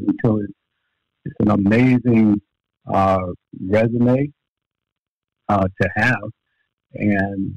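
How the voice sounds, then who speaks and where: Speaking from his home office, this older man from Louisiana, once a basketball player and coach, spins stories slowly for a podcast interview, stumbling through many fillers and restarts. His voice is deep, gravelly and darkish in tone. The remote recording is dull, lo-fi and dry, with no room sound.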